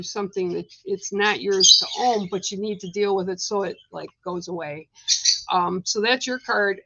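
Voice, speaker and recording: A woman's voice: mid-range voice, a bit bright, no room sound, lo-fi sound. A woman giving psychic card readings on a livestream, speaking in a meandering way with many fillers.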